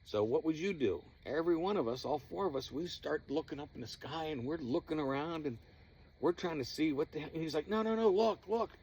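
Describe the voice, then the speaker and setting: A man casually recounting night-time encounters from his paranormal group, animated and laughing, his voice jumping high when he retells someone shouting. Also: brisk, husky. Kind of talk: casual storytelling.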